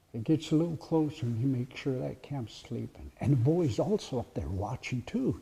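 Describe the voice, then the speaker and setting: Brief: male oral storyteller, gravelly voice, suspenseful whispered asides. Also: fairly high pitch, warm tone. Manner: dramatic pauses, drops to whispers for suspense. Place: heritage center presentation.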